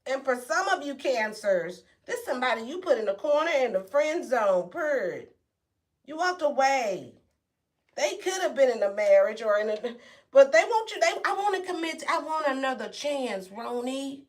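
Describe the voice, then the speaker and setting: A woman's voice: high-pitched, very animated, moderate pace. A woman giving a casual tarot reading to camera, playful and brash, swearing and acting out reactions. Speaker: tarot reader.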